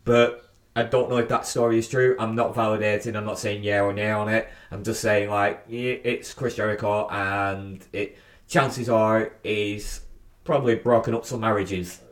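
A man co-hosting a podcast, swearing freely and giving animated opinions with frequent restarts. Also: fairly low pitch, normal speed. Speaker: podcast co-host. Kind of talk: casual podcast chat. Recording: roomy echo.

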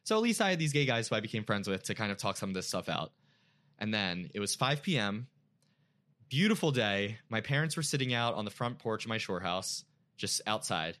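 A man's voice: lowish voice, big pitch swings, a little fast, sharp tone. A young man casually telling an emotional personal story as a guest, with many "like" fillers.

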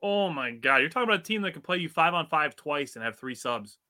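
A man's voice: a little high, animated, fast talker, pushed and bright. A young man from Wisconsin co-hosting a sports podcast, chatting in a laid-back way and often saying "dude" and "like.". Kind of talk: casual chat.

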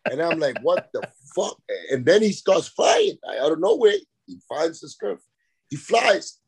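A man's voice: sits high, moderate pace, vocal fry, slightly rough. A man, a rapper and podcast guest, telling rambling, profane stories in a casual chat. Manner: rambling, profane, animated anecdotes.

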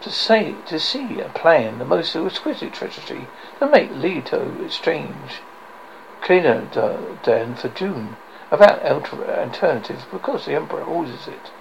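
A man's voice: on the high side, very animated, a little slow, vocal fry, a little hiss or hum, exaggerated voice, low-quality recording. A man voicing a sly young male assassin with a sweet, musical tenor and a sneering, delighted manner. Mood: relishing.

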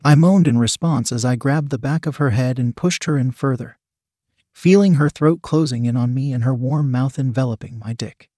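A man narrates a first-person adult story in a steady, plain reading voice at a middle pitch. The recording is dry and close, with no room sound. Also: moderate pace, dry recording.

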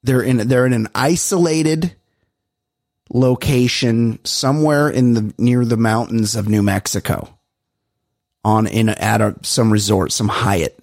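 A man co-hosting a podcast in casual chat, an animated storyteller who swears freely and acts out quotes. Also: mid-range voice, a little slow, vocal fry, no room sound, studio quality. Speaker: podcast co-host.

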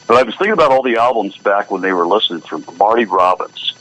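A man's voice: on the low side, expressive, fast talker, fairly bright tone, low-quality recording. A middle-aged man, a guest musician, chatting easily on a radio show and telling stories with frequent laughs. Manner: easygoing storyteller, laughs often. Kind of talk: casual radio chat.

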